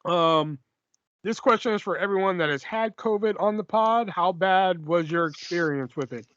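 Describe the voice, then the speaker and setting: A man's voice: high-pitched, moderate pace, fairly bright tone, dry recording, lo-fi sound. A man hosting a casual podcast, chatting loosely and swearing freely as he reads listener questions. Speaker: podcast host.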